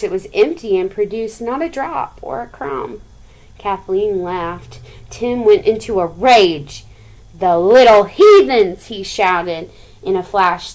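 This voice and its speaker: A woman teacher reading a folk tale aloud, her voice at an ordinary middle pitch. She breaks off now and then to chat with her students and pose questions in a relaxed, conversational way. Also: rough recording. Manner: chatty, asks the listeners questions.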